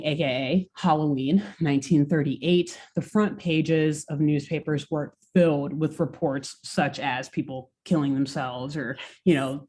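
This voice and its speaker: A woman co-hosting a podcast, telling a story in a casual, animated way with lots of "like.". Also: sits low. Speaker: podcast co-host.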